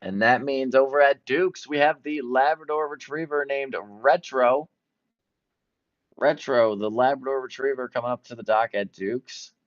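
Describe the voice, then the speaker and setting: Excited male play-by-play commentator. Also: medium pitch, measured pace, no echo, muffled recording. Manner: excited, jumping between events. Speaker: sports commentator.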